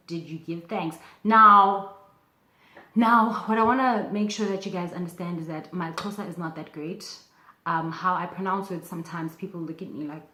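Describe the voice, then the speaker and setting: A young woman talks through a casual online language lesson in a chatty, animated way, full of fillers and sudden bursts of excitement. Her voice sits fairly low for a woman. The sound bounces around an echoey room. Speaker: language teacher vlogger.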